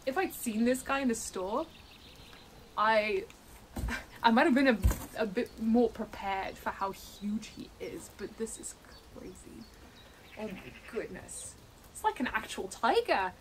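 A young woman with a slightly high voice talks slowly through a casual unboxing vlog, amazed and rambling, full of restarts and fillers. She records at home on a camera mic set on a tripod. A faint room hum sits underneath. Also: lively intonation. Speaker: plush maker and vlogger.

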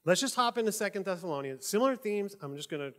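A man's voice: high-pitched, lively intonation, fast, fairly bright tone. A male pastor preaching a sermon in church, conversational and joking, with asides to the congregation.

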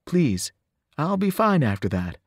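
A man voicing a frightened, humble zebra that speaks softly and pleads. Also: on the high side, very animated, a little slow, slightly rough, dry recording, clean studio sound, voice pushed up, full character voice. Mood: pleading.

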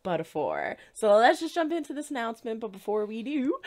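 A woman's voice: on the high side, big pitch swings, fairly quick, hardly any pauses. A woman hosting a reaction video, talking with bubbly, gushing enthusiasm. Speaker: reaction channel host. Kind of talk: excited reaction vlog.

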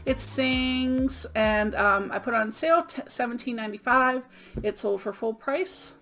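A woman's voice: on the high side, a little slow, fairly bright tone, soft background music. A middle-aged woman from Florida, sick and out of breath, chatting casually through items she sold, with many ums. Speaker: eBay reseller vlogger. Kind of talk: casual show-and-tell vlog.

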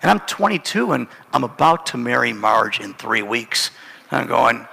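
Middle-aged male pastor, lively self-mocking storyteller, gravelly edge, echoing sanctuary. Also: mid-range voice, normal speed. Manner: animated, self-mocking, laughs through the story. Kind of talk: storytelling sermon. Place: church sanctuary. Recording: church hall with long reverb.

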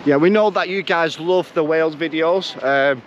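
Outdoors by a beach, a man with a fairly high voice co-hosts a travel vlog at a moderate pace, with the highs cut off. The travel vlogger chats casually, joking in an easygoing way and muttering while reading signs, and the recording is noisy.

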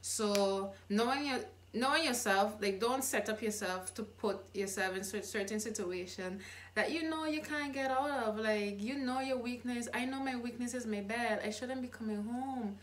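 A woman's voice: a little high, normal speed. Earnest young woman vlogger, faint hum. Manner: earnest and encouraging, with frequent restarts. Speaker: YouTube vlogger. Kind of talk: casual motivational vlog.

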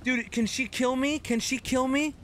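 Dude streaming a horror game, high voice, cusses constantly, jumpy and loud when scared. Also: male voice, moderate pace, a little hiss or hum. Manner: excitable, swears a lot, yelps when startled. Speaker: gaming streamer. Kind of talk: live gameplay commentary.

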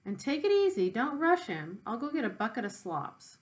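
A woman voicing a farmer who gives firm, loud instructions while reading a storybook aloud. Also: on the high side, sing-song, moderate pace. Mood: commanding. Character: firm commanding grown man farmer.

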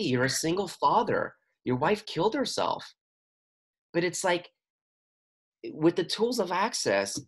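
A man who works as a chiropractor and facilitator, telling a personal story in an interview in an earnest, expressive way that rambles, acting out the voices he quotes. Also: fairly high pitch. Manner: rambling and apologetic about talking a lot.

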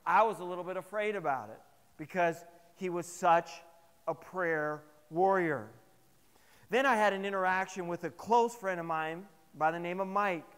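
A man's voice: sits high, clean tone, in a large hall. Man preaching stories in a chapel. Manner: animated, humorous storytelling to the congregation. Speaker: pastor. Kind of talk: sermon with personal stories. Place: chapel service.

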